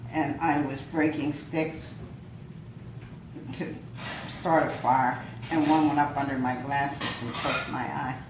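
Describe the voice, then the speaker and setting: An older woman, a grandmother, chatting with family in a matter-of-fact way and giving practical advice. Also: very deep voice. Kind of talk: casual family chat. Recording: echoey room with background noise.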